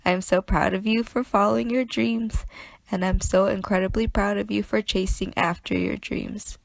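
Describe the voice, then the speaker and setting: Emotional young woman, creaky voice. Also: medium pitch, no echo. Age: young adult. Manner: emotional, joking between tears. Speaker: student club member. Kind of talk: recorded farewell message.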